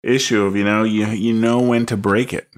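A man's voice: fairly low pitch, level tone, moderate pace, clean tone. A man co-hosting a casual chat about a film, thoughtful and hesitant with many fillers. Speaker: film podcast co-host.

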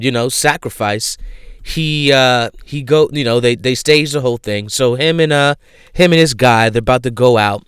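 A man casually retelling a show he recommends, animated and full of fillers. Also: medium pitch, clean tone, dry recording, clean studio sound. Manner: animated storyteller, many fillers.

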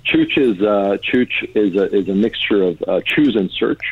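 A man's voice: on the low side, normal speed, slightly rough, no echo. A man, a tech start-up founder and guest, explaining ideas in a casual interview, thoughtful and full of "uh" and restarts. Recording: dry, tinny phone-like line.

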